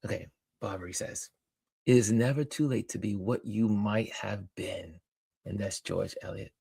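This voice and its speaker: A man hosting a live-stream, greeting viewers by name and reading their comments aloud in an upbeat, animated way. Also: on the low side, normal speed, creaky, husky, no echo. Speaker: host.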